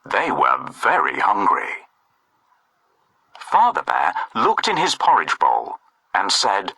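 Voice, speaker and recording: A man reading a children's story aloud, his pitch swooping widely in a sing-song way. He takes it slowly, with a bright, slightly breathy tone. The recording is close and dry. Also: wildly swooping pitch, no room sound, low-quality recording. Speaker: narrator.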